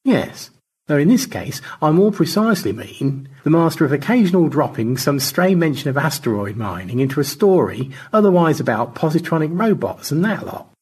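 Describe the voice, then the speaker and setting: A man reading aloud and voicing a dry, pedantic man fond of old science fiction, with a gravelly, raspy voice and a wry, precise delivery. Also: fairly high pitch, sing-song, moderate pace, darkish tone, voice pushed up.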